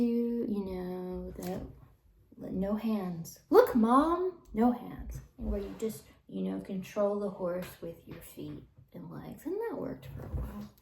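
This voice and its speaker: A woman tells her own stories in a relaxed, wandering monologue. Her voice is low and gravelly, and she often drops to a near whisper. She takes her time over every phrase. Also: rough recording. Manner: rambling, drops into soft whispered asides. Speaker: vlogger telling personal stories. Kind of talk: casual storytelling monologue.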